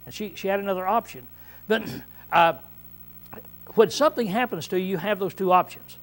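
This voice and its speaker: A man preaching a conversational Bible-study sermon, often clearing his throat and checking in with "see?" as he repeats and restarts phrases. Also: high voice, moderate pace. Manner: repetitive, restarts mid-phrase.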